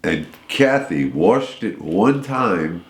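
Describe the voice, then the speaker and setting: Deep-voiced man telling lively stories. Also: takes it slowly, reverberant. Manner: rambling, animated storytelling with restarts. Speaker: radio interview guest. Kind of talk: storytelling in a radio interview.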